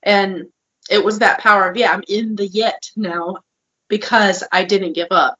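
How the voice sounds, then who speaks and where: A woman co-hosting a podcast in casual chat, expressive and self-deprecating, laughing easily. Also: medium pitch, unhurried. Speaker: podcast co-host. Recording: slightly dull, lo-fi sound.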